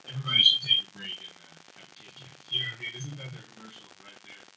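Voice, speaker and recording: A man hosting a live comedy show, working the crowd with loud, energetic emcee banter and stand-up. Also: lowish voice, fast, a little hiss or hum. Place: live comedy venue, indoors. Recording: echoey room, mic from far off.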